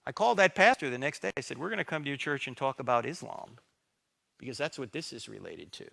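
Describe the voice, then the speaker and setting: A man's voice: medium pitch, lively intonation, quick pace, gravelly, fairly bright tone. A middle-aged man giving a talk in a church, dramatic and sarcastic, acting out bits of dialogue. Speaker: guest speaker. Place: church sanctuary.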